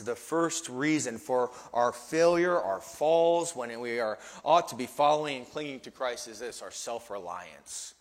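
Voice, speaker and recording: A man's voice: a little high, expressive, measured pace, hardly any pauses, long reverb tail. A man preaching a sermon, emphatic, often repeating his first words as he goes. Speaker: pastor.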